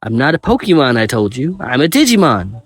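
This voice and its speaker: A man's voice: mid-range voice, very animated, a little fast, dry recording, clean studio sound, voice pushed up. A man voicing a small, friendly, talking blue creature with a chirpy, earnest manner.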